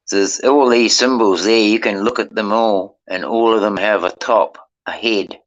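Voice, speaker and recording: Low-voiced New man musing aloud. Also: fairly even intonation, normal speed. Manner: rambling, restarts often, reflective. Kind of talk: casual chat. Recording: dull lo-fi stream audio.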